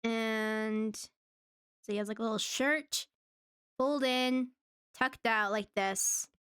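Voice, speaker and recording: A woman's voice: fairly high pitch, fairly even intonation, slow, fairly bright tone, clean tone, dry recording, clean studio sound. Giggly, rambling woman streamer. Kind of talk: casual live-stream chat.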